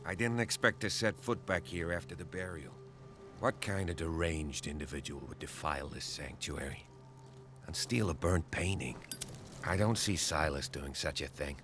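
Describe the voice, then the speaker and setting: A man's voice: rumbling low, normal speed. An actor playing a grieving, solemn man in a video game, who speaks in a somber, disapproving way. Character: grieving solemn man at a family burial site. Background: game music.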